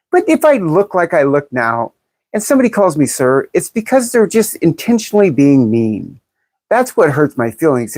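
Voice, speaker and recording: A woman's voice: deep voice, a little mellow, dry recording. A woman in her fifties chatting bluntly and jokingly on a livestream, reading viewer comments aloud and laughing often. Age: 50s. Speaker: livestream host. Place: in California.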